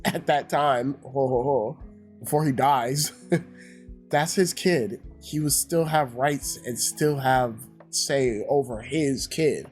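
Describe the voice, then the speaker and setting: A man's voice: medium pitch, slow, darkish tone, faint music behind. A man giving a casual, ranting review, swearing heavily and sounding exasperated. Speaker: YouTube reviewer.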